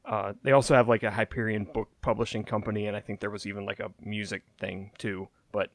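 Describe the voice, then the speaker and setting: A man's voice: lowish voice, little pitch movement, fast, no echo. A man co-hosting a casual podcast, giving rambling, hedged explanations full of fillers. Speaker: podcast co-host. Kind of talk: casual conversational chat.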